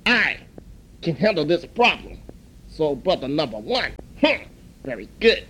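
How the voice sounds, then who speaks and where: A man doing a calm, humming old restaurant elder. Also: fairly high pitch, husky, exaggerated voice, low-quality recording. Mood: calm, soothing. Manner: slow and soothing, hums between phrases.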